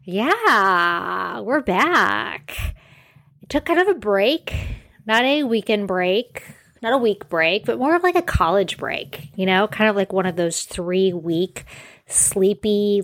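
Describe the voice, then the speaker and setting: A woman's voice: mid-range voice, a bit bright. A woman in her forties hosting a casual solo podcast, chatty and self-deprecating, wandering into rambling side notes. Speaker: podcast host.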